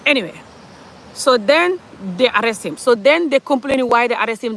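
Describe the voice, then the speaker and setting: A woman's voice: on the high side, expressive, normal speed, fairly bright tone. A woman from Gambia, passionately ranting in an opinionated social commentary monologue, full of rhetorical questions. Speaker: commentary vlogger.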